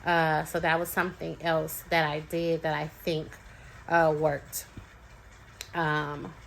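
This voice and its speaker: Chatty lower-voiced mom telling a story. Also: female voice, little pitch movement, slow pace, creaky, a bit bright, slight background noise, low-quality recording. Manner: chatty, with many fillers and restarts. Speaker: parent sharing experience. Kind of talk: casual storytelling to camera.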